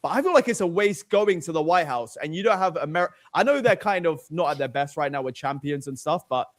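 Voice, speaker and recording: A young British man talks casually in a high, lively voice that leaps around a lot. He is animated and swears freely, laughing between points as he co-hosts a chat. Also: a little fast. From United Kingdom. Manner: animated, profane, laughing often. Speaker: co-host.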